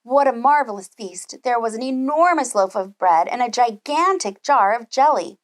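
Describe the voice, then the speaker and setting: Preschool teacher reading a storybook aloud, lively and animated, a bit high. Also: female voice, normal speed. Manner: animated, with gasps and asides to children. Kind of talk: children's storybook read-aloud.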